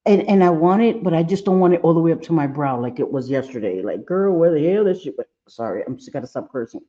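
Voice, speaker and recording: A man's voice: a little high, expressive, quick pace, mellow. Chatty man doing makeup on a lo-fi stream. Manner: chatty, playful, scolds his own eye and brush aloud. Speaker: makeup vlogger. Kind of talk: casual makeup tutorial livestream.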